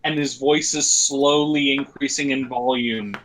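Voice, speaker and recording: Slow, bright-voiced male player. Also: medium pitch, fairly even intonation, a little hiss or hum, rough recording. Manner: slow, descriptive narration of his character's actions. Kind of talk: tabletop role-play over a call.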